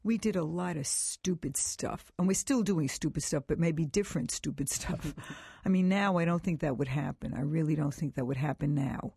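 A woman's voice: low-pitched, normal speed, gravelly, hardly any pauses, husky, no echo, clean studio sound. An older woman educator speaking as a radio guest, telling stories with animation and frequent laughs. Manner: animated storyteller, laughs often. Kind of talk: call-in radio chat.

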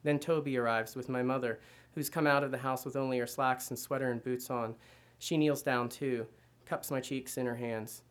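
A man reads his own literary fiction aloud in the first person. His delivery is measured and even, with very little rise and fall in his middle-pitched voice. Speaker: reader.

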